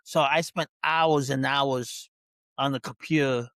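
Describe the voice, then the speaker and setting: A man's voice: mid-range voice, steady tone, slow pace, fairly bright tone, no echo. A man with a New York accent, a dog trainer chatting casually as a guest, laughing often and rambling through his story. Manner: laughing, rambling, self-interrupting. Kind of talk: casual interview chat.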